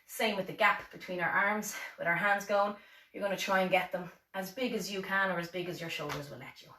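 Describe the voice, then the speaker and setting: A woman's voice: fairly low pitch, fairly even intonation, a little fast, bright, forceful tone. A woman with an Irish accent leading a seated exercise class, encouraging and counting reps with light self-deprecating asides. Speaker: fitness instructor. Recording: echoey room, voice from far off.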